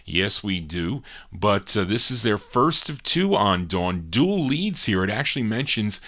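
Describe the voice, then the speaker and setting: A man's voice: fairly low pitch, big pitch swings, measured pace, fairly bright tone. A middle-aged man hosting a live amateur radio show, rambling and correcting himself with small chuckles. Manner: rambling, self-correcting, chuckles at own slips.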